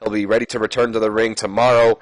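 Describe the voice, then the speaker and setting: A man's voice: on the low side, level tone, fast, dry recording. A man casually narrating a simulation game, rambling with fillers and correcting his own slips. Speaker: let's play commentator.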